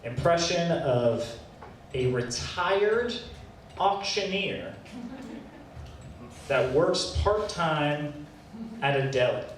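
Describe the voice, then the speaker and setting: A young man doing a stand-up set with a deadpan, self-deprecating, halting delivery, recorded at a small open mic. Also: on the high side. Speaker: stand-up comedian. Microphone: handheld stage mic, recorded by a far camera. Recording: echoey room, distant camera, light background noise. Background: faint room ambience.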